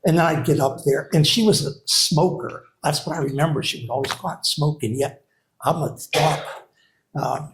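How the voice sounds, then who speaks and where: A man's voice: on the high side, normal speed, slight background noise. An older man, a retired writing program director, gives rambling, hesitant memorial remarks to an audience, full of fillers and restarts. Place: hall with a live audience. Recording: echoey room.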